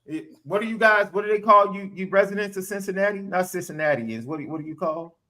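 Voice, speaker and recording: A man's voice: sits high, quick pace, bright, forceful tone. A man hosting a sports podcast, needling his co-hosts and steering the chat with pointed questions.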